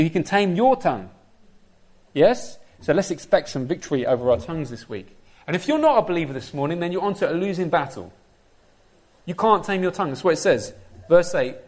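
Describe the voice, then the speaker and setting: A man preaching a sermon, often asking the congregation direct questions. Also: a little high. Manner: lively, asks the congregation questions.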